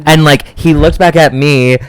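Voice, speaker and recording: Smooth-voiced chatty podcast man. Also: on the high side, measured pace, no echo. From Wisconsin. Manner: chatty, animated, acts out the voices of people he quotes. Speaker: podcast co-host. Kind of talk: casual chat storytelling.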